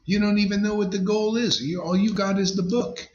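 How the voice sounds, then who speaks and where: A man's voice: high voice, fairly even intonation, fairly quick, a little mellow. A man, a spiritual teacher, giving an informal devotional sermon in a blunt, emphatic, conversational way. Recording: dull lo-fi sound.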